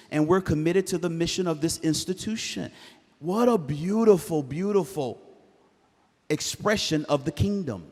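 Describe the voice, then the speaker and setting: A man speaking to incoming students' parents at a university event, animated and joking, asking the crowd to answer back. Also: on the high side. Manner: animated, jokey, calls for audience response. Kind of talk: live presentation to parents. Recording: hall reverb.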